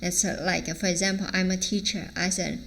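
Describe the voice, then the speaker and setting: A woman's voice: lowish voice, little pitch movement, brisk, gravelly, a bit bright, a little hiss or hum. Woman, Chinese accent, native Chinese speaker, teacher, language lesson, acts out example phrases with changing intonation. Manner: demonstrates phrases with varied intonation.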